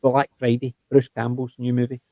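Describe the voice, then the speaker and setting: An older Scottish man hosting a casual chat, his voice mellow and relaxed. He tells stories in an animated way and acts out the quotes. The sound is close and dry, with no room around it. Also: mid-range voice, moderate pace, no echo, muffled recording. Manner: chatty, animated storytelling with acted-out quotes. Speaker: host.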